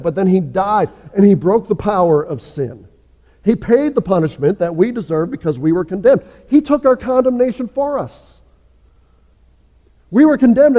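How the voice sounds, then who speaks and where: A man delivers a sermon in a church sanctuary, his voice high yet mellow. He preaches earnestly, pressing hard on some points and sinking low and quiet on others. A long reverb trails behind every phrase. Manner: earnest preaching, builds up then drops low and soft. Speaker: pastor.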